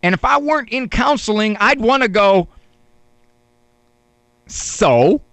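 A man telling a wry, deadpan story in a monologue, with dramatic pauses, as a counselor. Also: very high voice, no room sound. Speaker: counselor and speaker.

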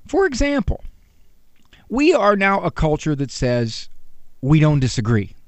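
Man, middle-aged, radio talk host, conversational, teasing, high-pitched. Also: huge pitch swings, unhurried, long pauses, no echo. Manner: conversational, teasing, acts out quotes. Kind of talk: animated radio monologue.

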